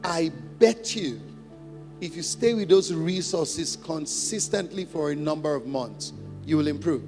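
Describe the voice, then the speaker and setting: A man's voice: on the high side, a little slow. A male pastor giving a conversational teaching sermon, laughing often and repeating points for emphasis. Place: church hall. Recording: long church reverb, faint music.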